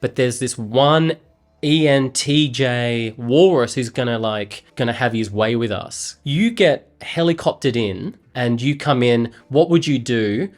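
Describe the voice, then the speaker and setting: A man's voice: medium pitch, expressive, measured pace. Playful rambling Australian man. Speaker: vlogger. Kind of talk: casual chat with an AI.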